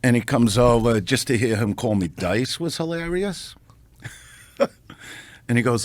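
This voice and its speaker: A man, a comedian guest on a podcast, telling a showbiz story in a brash, profane, animated way, building to punchlines on a close studio mic. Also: mid-range voice, moderate pace, long pauses, dry recording.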